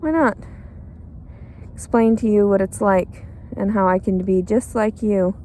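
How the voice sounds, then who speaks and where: A woman's voice: mid-range voice, fairly even intonation, a little slow, mellow, a little hiss or hum. A tired, cranky woman rambling in a bitter, crude, profane monologue outdoors. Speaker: pregnant homeless woman.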